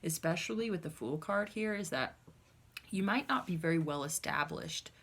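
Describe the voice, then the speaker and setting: A woman's voice: on the low side, animated, moderate pace, fairly bright tone, a little hiss or hum. A woman giving a casual tarot reading to camera, blunt and chatty, swearing freely with lots of asides to her viewers. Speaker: tarot reader.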